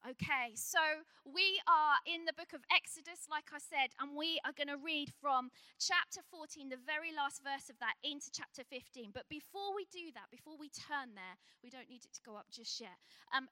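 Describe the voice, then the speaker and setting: A woman preaching a sermon with passion, swinging from loud calls to hushed, intense moments. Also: sits high, dry recording. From Scotland.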